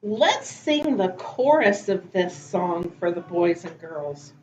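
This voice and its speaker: A woman teacher reading picture books and poems aloud to preschoolers in a slow, gentle, sing-song way. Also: on the low side, sing-song, reverberant, highs cut off, slight background noise. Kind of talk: children's storytime reading.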